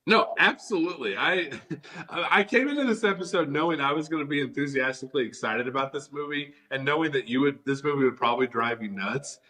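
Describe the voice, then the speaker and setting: A man's voice: fairly high pitch, a little fast. A man co-hosting a casual movie review chat, talking with enthusiasm and leaning on "like" as a filler. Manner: enthusiastic, animated, leans on "like". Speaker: podcast co-host.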